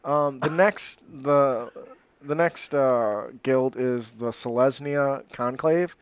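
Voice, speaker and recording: A man's voice: mid-range voice, slow, clear, resonant tone, no room sound. A man co-hosting a podcast, chatting casually, joking and tripping over fantasy names as he reads. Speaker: podcast co-host. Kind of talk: casual chat reading setting notes.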